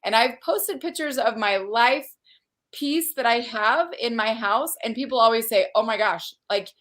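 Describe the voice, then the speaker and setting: An upbeat woman hosts a live online conference, her voice sitting a little high. She talks in a casual, effusive way and keeps reading out viewers' comments and reacting to them. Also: normal speed, fairly bright tone. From Utah. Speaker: conference host. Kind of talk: casual livestream chat.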